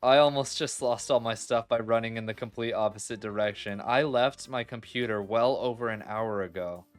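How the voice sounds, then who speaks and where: Smooth-voiced man narrating his gameplay. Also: medium pitch, normal speed, faint music behind. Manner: chatty, exclaims and laughs readily, talks straight to viewers. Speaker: gaming video creator. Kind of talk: casual let's-play commentary.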